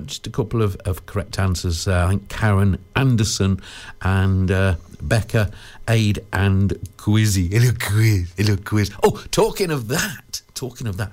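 A British man presenting a casual radio show, chatting in a rambling way with lots of fillers and restarts. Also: fairly low pitch.

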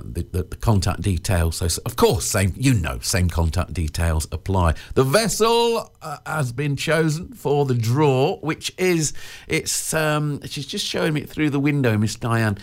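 A man's voice: mid-range voice, gravelly. A man presenting local radio, chatting casually with plenty of fillers and restarts.

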